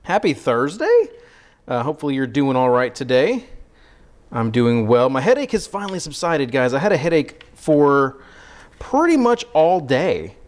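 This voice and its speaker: With a medium-pitched, sing-song voice at a moderate pace, a man chats casually with his livestream audience while cooking in his home kitchen. He jokes and rambles, teasing himself in banter with chat, and he's breathless from sawing.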